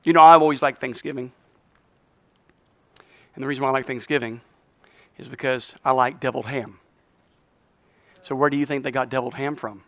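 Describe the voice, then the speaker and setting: A man's voice: medium pitch, fairly even intonation, brisk, pauses often, a bit bright, no room sound. A man preaching a sermon as pastor in a church, fiery, leading the congregation in call-and-response and tossing in jokes.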